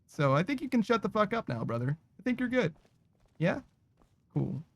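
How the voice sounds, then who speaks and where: A man's voice: high-pitched, big pitch swings, normal speed, gravelly, no echo. A man giving casual, profane, sarcastic commentary while playing a video game. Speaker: gaming streamer.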